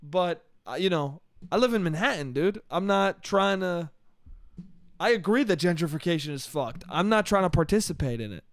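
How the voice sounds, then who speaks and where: Exasperated high-voiced man ranting. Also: lively intonation, normal speed, no room sound. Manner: profane, exasperated storytelling with frequent "dude". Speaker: podcast host. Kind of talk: solo comedic monologue. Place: New York.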